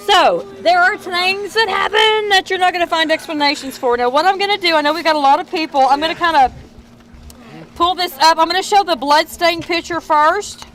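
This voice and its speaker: A woman's voice: very high voice, brisk, fairly bright tone, rough recording. A middle-aged woman with a Southern Texas accent, a tour guide telling ghost stories to a crowd outdoors in a chatty, folksy way, recorded on a tour member's camera. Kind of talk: storytelling tour talk to a crowd. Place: outdoors on a town street tour at night. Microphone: camera held by a tour member.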